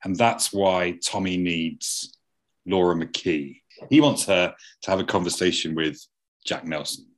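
A man with a very low, husky voice steadily recaps what happened in an episode. He lays out the plot points one by one in an easygoing podcast chat. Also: a little slow. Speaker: podcast co-host. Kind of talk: casual TV discussion.

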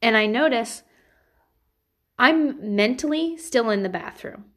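A woman's voice: fairly high pitch, animated, slow. A woman in her thirties, a mother telling personal stories and giving candid parenting advice in a casual way, swearing freely.

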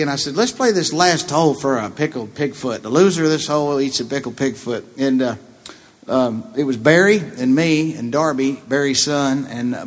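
A man who is a comedian guest, telling a long anecdote in a profane, laughing, animated way. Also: medium pitch. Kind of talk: storytelling anecdote.

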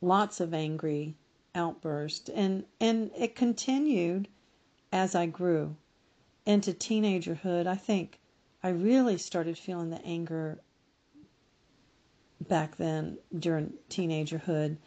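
A middle-aged woman speaking as a podcast guest, giving slow, reflective personal testimony and often correcting herself mid-sentence. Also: on the low side, mellow.

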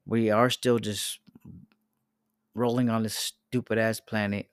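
A man's voice: lowish voice, little pitch movement, slow, clean tone, no room sound, clean studio sound. A man co-hosting a podcast, talking casually and rambling with many restarts and constant swearing. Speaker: podcast co-host. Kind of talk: casual profane chat.

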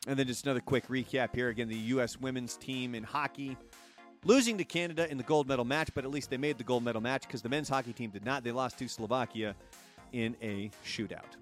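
A man hosting a casual live-streamed talk show, chatty and jokey, with an energetic quiz-host delivery. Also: mid-range voice, fairly quick, faint music behind.

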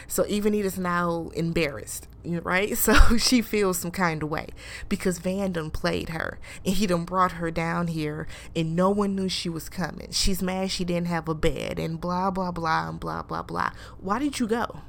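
Woman, casual recap host, mid-pitched, exasperated asides, faint hiss behind. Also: normal speed, gravelly. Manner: animated, incredulous, rhetorical questions; acts out quoted people. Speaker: show recapper.

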